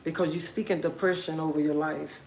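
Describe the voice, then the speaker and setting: A woman's voice: deep voice, fairly even intonation, brisk, gravelly, darkish tone, reverberant, slight background noise, poor audio. A woman hosting a livestream, giving a repetitive, preachy, encouraging motivational talk. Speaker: livestream host.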